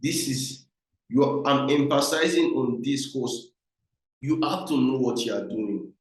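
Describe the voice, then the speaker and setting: A man's voice: medium pitch, unhurried. A man with a Nigerian English accent giving a trading lesson, emphatic and repetitive, often calling his viewers guys. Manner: emphatic, repeats points, addresses viewers as guys. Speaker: trading mentor. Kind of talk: instructional talk. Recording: very echoey room.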